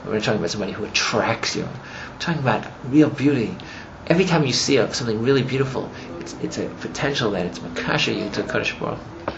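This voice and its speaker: A man teaches a class, rambling through a story with many filler phrases, and he grows animated as it builds. His voice sits at a middle pitch. The recording sounds dull and muffled, with a steady noise running behind it. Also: fast talker, gravelly, hardly any pauses. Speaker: religious teacher.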